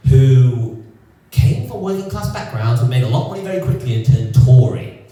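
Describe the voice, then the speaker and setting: A man from England doing a stand-up comedy set, sardonic and lively, putting on voices for the people he quotes. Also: medium pitch, moderate pace, soft background music. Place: comedy club stage. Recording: roomy echoing club sound from a distance.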